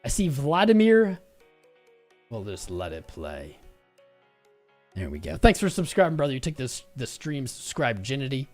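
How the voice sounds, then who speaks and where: A man's voice: medium pitch, wildly swooping pitch, soft background music. Man hosting a casual crypto livestream. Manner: loose, jokey, quick shout-outs with sudden shifts in pace and loudness. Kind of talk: casual live-stream chat reading out viewer names.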